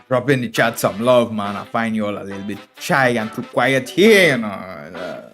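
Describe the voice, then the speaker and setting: A man's voice: lowish voice, expressive, normal speed, fairly bright tone, faint music behind. A man with a strong Trinidadian accent, chatting on a live chess stream in a boisterous, drawling way and tagging "man" onto his sentences. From Trinidad and Tobago. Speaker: chess streamer, international master. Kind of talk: casual live stream chat.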